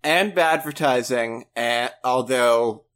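A man's voice: medium pitch, slow, fairly bright tone, clean tone. A man from the US Pacific Northwest co-hosting a podcast, talking in a rambling, casual way with swearing and frequent restarts. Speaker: podcast co-host. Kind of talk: casual chat.

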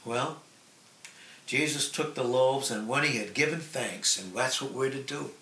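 Male preacher, sermon delivery, drawn-out earnest phrasing; echoey room, faint noise behind. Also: mid-range voice. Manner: slow, earnest, drawn-out emphasis with soft trailing phrase endings.

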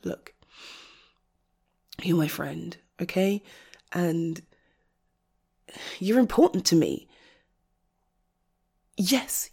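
A young woman speaking straight to the listener in a comfort role-play, fiercely protective and indignant, with exasperated sighs and moments that drop to a soft near-whisper. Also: medium pitch, slightly rough. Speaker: audio role-play creator.

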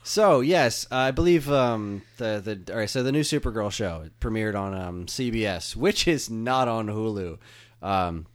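A man with a slightly low voice chats about television as a podcast co-host. He rambles with lots of restarts and fillers, getting animated as he goes. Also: a little slow. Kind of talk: casual chat.

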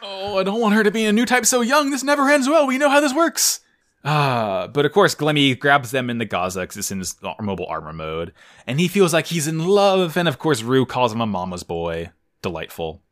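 A man co-hosting a casual podcast, his voice lively and swooping up and down as he jokes through a recap. His tone is bright and forward. He jumps high for emphasis and keeps the banter loose. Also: fairly quick. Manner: animated, jokey, swings his pitch up high for emphasis. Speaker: podcast co-host. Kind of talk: casual chat recapping an anime episode.

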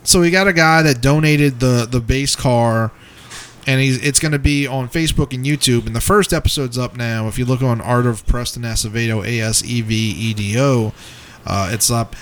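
A man co-hosting a crude, casual podcast, halting and restarting as he tells a story. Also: mid-range voice, clean tone. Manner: halting, restarts and trails off often. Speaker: podcast co-host.

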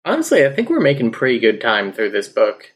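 A man's voice: mid-range voice, wildly swooping pitch, fairly quick, breathy edge. Man chatting and reading aloud. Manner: laughs often, reads passages with an embarrassed amusement. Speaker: guest on a book podcast. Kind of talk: casual chat and reading aloud.

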